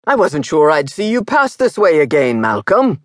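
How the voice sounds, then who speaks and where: A narrator voicing a lean, limping Englishman, a weary innkeeper speaking warmly to a friend. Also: on the high side, sing-song, moderate pace, no echo, studio quality.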